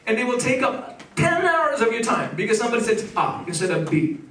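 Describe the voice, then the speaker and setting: A middle-aged man preaching a sermon as pastor, animated and leading the congregation in call-and-response. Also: very high-pitched, fairly quick, roomy sound, far from the mic, a little hiss or hum, rough recording. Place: church sanctuary.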